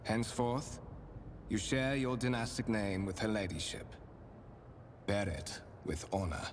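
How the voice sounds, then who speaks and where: An actor playing a courtly, calculating male spymaster in a video game, speaking with formal, measured and faintly menacing courtesy. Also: fairly low pitch, animated, background noise. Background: game music.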